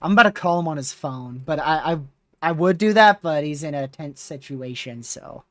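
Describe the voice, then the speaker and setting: Excitable woman live-streaming a storm chase. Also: low voice, normal speed, no echo. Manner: excitable, laughs often, talks to chat.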